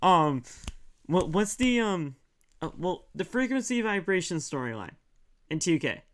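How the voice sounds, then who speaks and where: A young man chatting casually about a video game, animated, restarting his sentences and acting out scenes. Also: sits high, a little slow. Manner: animated, stammering restarts, laughs a lot, acts out scenes. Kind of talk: casual gaming chat.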